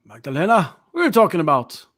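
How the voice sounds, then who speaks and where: A man voicing an angry, fanatical male villager who shouts and jeers. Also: high voice, wildly swooping pitch, fast talker, full character voice. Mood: accusing. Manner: shouting, jeering.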